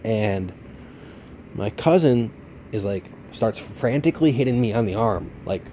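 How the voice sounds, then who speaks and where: Male podcast host, late 20s, low mellow voice, loose profane storyteller. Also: animated, a little slow, slight background noise. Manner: rambling, profane, laid-back. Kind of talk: casual storytelling monologue.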